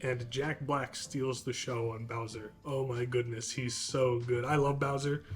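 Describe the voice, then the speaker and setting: A man's voice: mid-range voice, flat delivery, a little slow. A man co-hosting a casual podcast, talking in a rambling, enthusiastic way with lots of fillers. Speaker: podcast co-host. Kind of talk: casual chat.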